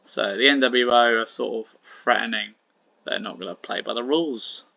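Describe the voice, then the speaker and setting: A man's voice: medium pitch, moderate pace, vocal fry, pushed and bright, dry recording. A man casually narrating a wrestling simulation game, with frequent fillers. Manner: casual, with many fillers and "sort of". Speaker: wrestling sim host. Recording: dull, lo-fi and dry.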